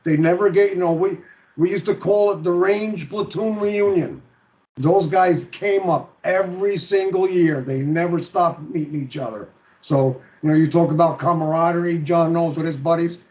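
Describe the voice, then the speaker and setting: A man telling a friend's story as a show guest, halting and repeating words, laughing through grief. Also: fairly high pitch, steady tone, darkish tone. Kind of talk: emotional storytelling. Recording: dull lo-fi stream audio.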